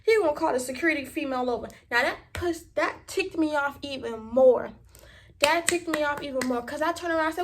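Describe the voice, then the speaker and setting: A young woman from Miami, telling a story in a vlog in an animated, profane and emphatic way. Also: sits high, fairly quick, heavy background noise. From Miami, Florida. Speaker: vlogger.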